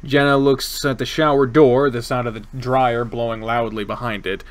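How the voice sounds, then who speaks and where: A man's voice: mid-range voice, steady tone, normal speed. A man streaming a game, chatting casually and reading its lines aloud, joking, laughing often and swearing now and then. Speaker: let's play streamer. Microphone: desk microphone, wearing one earbud.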